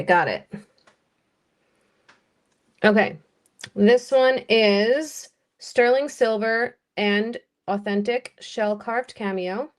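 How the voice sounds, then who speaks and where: An American-accented woman runs a jewelry sale by live-stream auction, unhurried and chatty as she describes the items and calls out bids. Her voice is medium-pitched.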